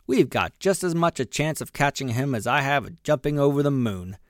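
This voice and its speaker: A man's voice: mid-range voice, animated, brisk, dry recording, studio quality, lightly acted. A man voicing an impudent young male fox in a storybook, snappish and saucy.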